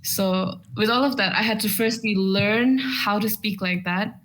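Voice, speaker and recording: A woman's voice: medium pitch, a little slow, a bit bright, a little hiss or hum, poor audio. A young woman from Bhutan, a podcast guest chatting casually, who laughs often and stumbles over her first words. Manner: laughs often, repeats words when starting.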